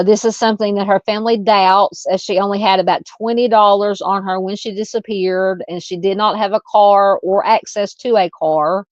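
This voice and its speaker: Southern woman, true crime streamer, relaxed filler-heavy chat, dull lo-fi sound. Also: mid-range voice, no echo. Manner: relaxed and chatty, frequent ums and uhs. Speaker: true crime livestream host. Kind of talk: casual livestream chat reading viewer comments. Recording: dull lo-fi dry home mic.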